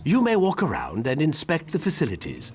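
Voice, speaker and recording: A man's voice: fairly high pitch, wildly swooping pitch, fairly quick, soft background music. An actor playing a formal, courteous male butler with a British accent in a video game.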